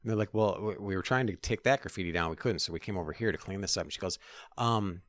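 A man's voice: low voice, fast talker, a bit bright, dry recording. A man co-hosting a casual political talk show, blunt and profane, with laughs in between. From Minneapolis area. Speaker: podcast co-host.

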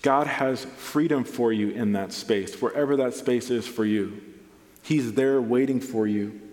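A man's voice: medium pitch, a little slow. A young adult man preaching a sermon as a pastor, earnest and storytelling, acting out what people said. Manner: earnest, storytelling with acted-out quotes. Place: church auditorium. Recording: long reverb of a large hall, soft guitar behind. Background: soft guitar music.

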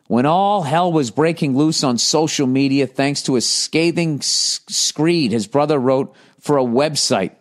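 A man hosting a podcast, ranting and riffing in a profane, comic way and reading an article aloud with mock outrage. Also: medium pitch. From United States. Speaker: podcast host. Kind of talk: comedic podcast rant.

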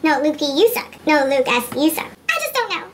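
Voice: sits high, big pitch swings, slight background noise. A podcast host putting on sped-up chipmunk voices to reenact reality show contestants in a goofy comedy bit. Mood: silly. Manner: goofy, rapid switching between characters.

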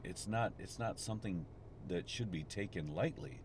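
Low-voiced guy rambling on a podcast from his car, road noise all around, lots of restarts. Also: moderate pace. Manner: rambling, restarts often, gets frustrated in traffic. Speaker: podcast host. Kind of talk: casual podcast recorded while driving. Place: inside a car in traffic. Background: vehicle and road noise.

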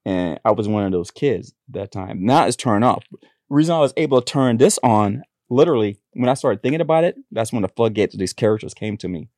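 A man's voice: on the low side, animated, quick pace, a little mellow, no room sound, clean studio sound. A man telling personal stories as a guest in a casual interview, rambling with frequent restarts. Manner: rambling storytelling with many restarts. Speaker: author and actor, guest.

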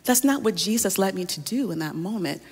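A woman's voice: medium pitch, animated, a little fast, slightly rough. Woman pastor preaching in a reverberant hall. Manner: storytelling preacher, addresses listeners directly. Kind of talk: sermon.

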